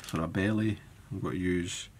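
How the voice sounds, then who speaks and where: A man demonstrating fly tying step by step, talking in a relaxed way as he works with his hands. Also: low voice, moderate pace, a little hiss or hum. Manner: relaxed, thinking aloud while working with hands. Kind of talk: step-by-step tutorial narration.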